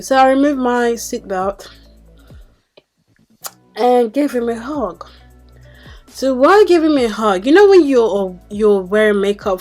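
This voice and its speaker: A woman's voice: fairly high pitch, a little mellow. Chatty young woman vlogger, exasperated. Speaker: beauty vlogger. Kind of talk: casual storytelling to camera.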